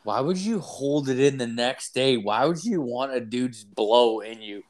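Young male podcast co-host; profane, lively storyteller. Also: medium pitch, unhurried. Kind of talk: crude casual chat.

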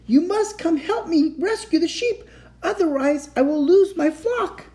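A man voicing a young shepherd boy who shouts in a shrill, panicky voice during a bedtime story reading. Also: animated, measured pace, heavily acted. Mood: panicked.

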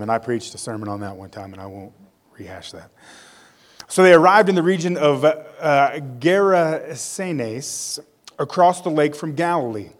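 A man's voice: on the high side, expressive, normal speed. A male pastor preaching a sermon. He reads scripture aloud, tells it as a story with casual asides, and leads a prayer.

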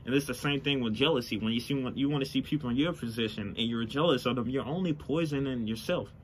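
A man's voice: medium pitch, fast. A young man hosting a casual solo podcast, rambling and swearing freely, recorded outdoors on a phone near passing traffic. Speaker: podcast host. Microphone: phone mic, later plugged-in mic. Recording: faint car traffic noise outdoors.

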